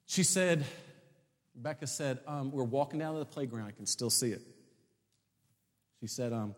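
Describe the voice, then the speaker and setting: A man preaching a sermon as a story, acting out conversations and building to loud shouts. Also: medium pitch, normal speed, pauses often. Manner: animated, acts out dialogue, builds to shouts. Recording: long hall reverb.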